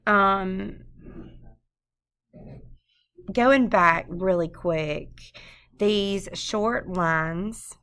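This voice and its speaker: A woman giving an unscripted recorded lesson on a poem, pausing often with ums and restarts. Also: medium pitch, fairly bright tone, smooth. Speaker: teacher. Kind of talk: screencast poetry lesson.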